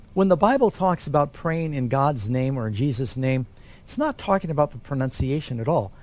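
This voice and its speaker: A man, a pastor, answering Bible questions in a relaxed, conversational way. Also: fairly high pitch.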